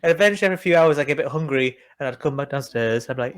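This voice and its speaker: A man's voice: medium pitch, racing. A young British man co-hosting a podcast, telling rambling, joking stories in casual chat. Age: young adult. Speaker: podcast co-host.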